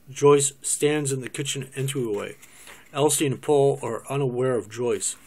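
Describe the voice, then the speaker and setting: A man's voice: mid-range voice, moderate pace, a little mellow. A man cold-reading a script's stage directions in a plain, matter-of-fact way. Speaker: narrator.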